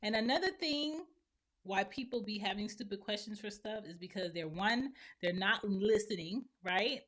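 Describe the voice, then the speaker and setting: A woman around forty, a mother who hosts a podcast, talks at normal speed in an animated, mid-range, slightly bright voice. In her solo monologue she shares blunt opinions and acts out other people's lines.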